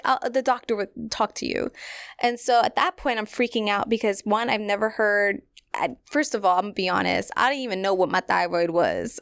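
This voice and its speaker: A woman's voice: medium pitch, creaky, no echo, clean studio sound. A young adult woman hosting a podcast, telling a personal story in a candid, rambling way with many fillers. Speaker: podcast host.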